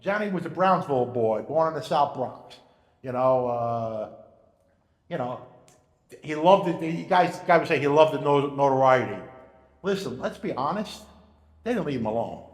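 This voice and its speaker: A man telling stories in casual chat, animated, acting out the voices of the people in his stories. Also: medium pitch, normal speed. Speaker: storyteller. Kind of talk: casual storytelling. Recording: echoey room with long reverb.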